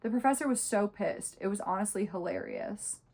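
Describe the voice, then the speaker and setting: A woman's voice: mid-range voice, moderate pace, darkish tone. A young woman in her twenties, chatting casually and sarcastically while reviewing a book. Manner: chatty, sarcastic, many fillers. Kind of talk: casual chat.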